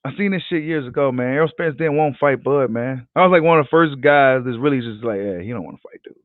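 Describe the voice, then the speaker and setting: Animated profane man on a tinny line. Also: medium pitch, quick pace, no echo. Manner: animated, profane, slangy, repeats himself. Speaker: boxing channel host. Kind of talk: casual livestream chat reading comments. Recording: tinny phone-like audio.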